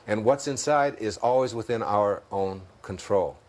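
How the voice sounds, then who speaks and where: A man's voice: lowish voice, normal speed, darkish tone. A man with a Detroit accent, a guest in an interview, talking in an expansive, storytelling way and laughing at his own jokes. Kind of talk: reflective spiritual interview talk.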